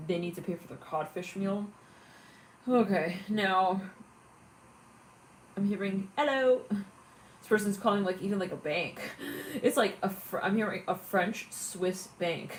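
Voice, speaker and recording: A woman's voice: mid-range voice, slight background noise. A woman giving a casual tarot reading, chatty and giggly, often acting out imagined callers. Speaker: tarot reader.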